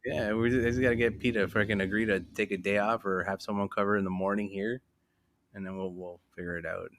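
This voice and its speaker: A man's voice: on the low side, fairly even intonation, quick pace, slight background noise. A man hosting a podcast over a video call, laid-back and slangy, laughing often. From Southern California. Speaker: podcast host. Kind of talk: casual chat.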